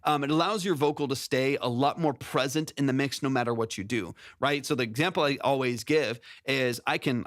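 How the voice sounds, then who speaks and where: Man, mix feedback host, casual rambling talk, medium pitch, dry close mic. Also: fairly quick, few pauses, fairly bright tone, dry recording. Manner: rambling, self-correcting, sings demo syllables. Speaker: music production stream host giving mix feedback. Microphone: close studio mic with vocal compression.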